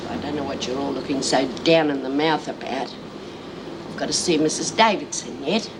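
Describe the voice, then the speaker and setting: A woman's voice: a bass voice, moderate pace, background noise. An actress playing an elderly female prisoner, cheeky and stubborn, in a TV drama. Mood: plain. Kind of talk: 1980s TV drama acting. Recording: old TV soundtrack with music.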